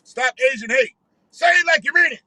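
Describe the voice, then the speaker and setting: A man's voice: extremely high pitch, moderate pace, sharp tone, husky, no echo, exaggerated voice, low-quality recording. A man voicing a male activist in a throaty, phlegmy preacher voice, chanting slogans. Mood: preaching.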